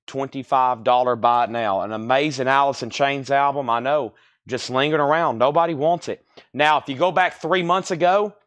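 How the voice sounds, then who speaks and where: A man hosting a live-streamed record sale, calling out titles and prices quickly, repeating them and adding joking asides. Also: mid-range voice, fairly bright tone, no echo. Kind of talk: live-stream auction patter. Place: record store.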